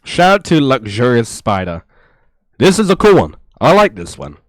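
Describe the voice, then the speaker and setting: A man giving casual reaction commentary in a rambling, exasperated way on a low-quality mic. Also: very animated, moderate pace, no echo. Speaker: reaction streamer.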